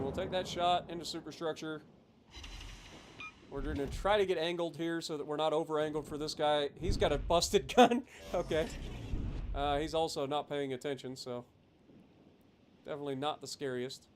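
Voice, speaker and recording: A man commenting on his own live gameplay stream, his voice sitting high for a man. He talks casually, then flares into loud, cursing rants at the game. A faint background hiss runs under the recording. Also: moderate pace, pauses often. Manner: profane, swings into loud ranting. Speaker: gaming livestreamer.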